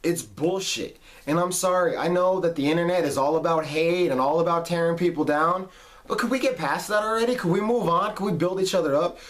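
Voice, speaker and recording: A man's voice: fairly high pitch, brisk, fairly bright tone. A man in his late twenties giving a heated, emphatic rant on his vlog, swearing freely. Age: late 20s. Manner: heated, emphatic, profane ranting. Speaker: vlog host. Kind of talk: ranting monologue.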